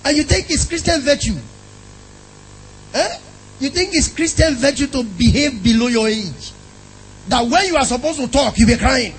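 A man's voice: extremely high pitch, expressive, normal speed, pauses often, slight background noise, rough recording. A man preaching a sermon in an emphatic style, often asking the congregation questions.

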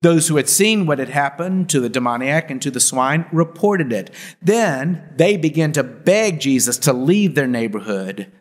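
A man, a pastor, reading scripture and preaching in a measured, deliberate way in a church. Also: a little high, lively intonation, long reverb tail. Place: church sanctuary.

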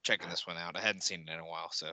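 A man's voice: deep voice, steady tone, very fast, pushed and bright. A man co-hosting a casual podcast where he watches a movie live, talking in a laid-back way and laughing often. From United States. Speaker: podcast co-host.

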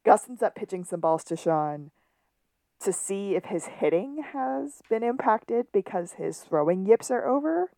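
A woman co-hosting a podcast, recapping a TV episode in casual chat and acting out quick lines from scenes. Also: medium pitch, lively intonation, creaky, warm tone, no echo. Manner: chatty, retells scenes with quick quoted lines. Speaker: podcast co-host.

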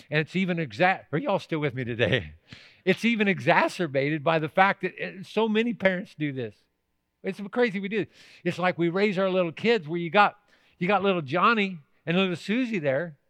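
A male pastor preaching an emphatic sermon in a high, bright, forceful voice. He leans on key words and keeps checking in with the room with rhetorical questions. The sound is close and dry. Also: animated, moderate pace, no echo.

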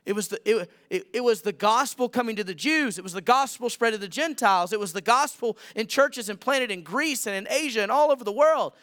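A man's voice: sits high, fairly quick, hardly any pauses, sharp tone. A young adult man preaching a sermon as a guest speaker, earnest and building to emphatic repeated calls.

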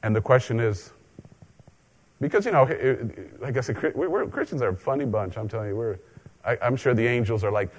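A male pastor delivering a relaxed, conversational sermon at an ordinary pitch. He drifts into joking asides and repeats his key lines for emphasis. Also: fairly quick.

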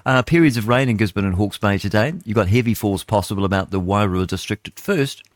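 A man's voice: lowish voice, quick pace, no echo, studio quality. A man with a New Zealand accent hosting talk radio, reading the weather in a rambling, chatty way full of asides. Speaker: radio host.

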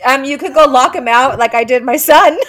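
A woman in her forties with a high, very lively voice chats casually with a friend. She teases and tells stories with animated, acted-out quotes. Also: distant mic. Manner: teasing, animated storyteller who acts out quotes. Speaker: podcast co-host, mother. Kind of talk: casual chat.

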